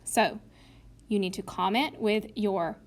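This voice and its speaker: A woman's voice: medium pitch, slow. Woman teacher explaining a writing lesson. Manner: patient, explains step by step, acts out both sides of an argument. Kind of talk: recorded classroom lesson.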